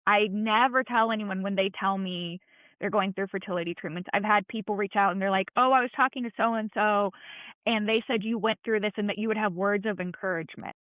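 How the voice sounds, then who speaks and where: A woman's voice: mid-range voice, brisk, no echo. A woman speaking as a podcast guest, earnest and encouraging in a candid, heartfelt conversation. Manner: earnest, encouraging, plain-spoken. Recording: tinny phone-like line, dry.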